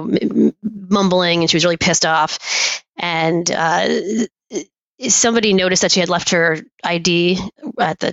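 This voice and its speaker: A woman guest on a podcast, a poll worker, telling anecdotes in a chatty, animated way and laughing often. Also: lowish voice, dry recording. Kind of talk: casual podcast storytelling. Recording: dull, dry lo-fi audio.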